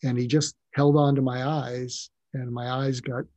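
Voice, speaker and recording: An older male psychiatrist telling personal stories in an interview, reflective and halting, often restarting his sentences. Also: mid-range voice, little pitch movement, darkish tone, no room sound, highs cut off. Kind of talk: personal storytelling in a conversational interview.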